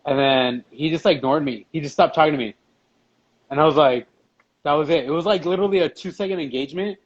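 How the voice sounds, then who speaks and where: A man's voice: fairly high pitch, fast talker, lo-fi sound. A man hosting a casual chat show, telling a story with lots of laughter and swearing. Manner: storytelling, laughs often, profane. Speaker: podcast host.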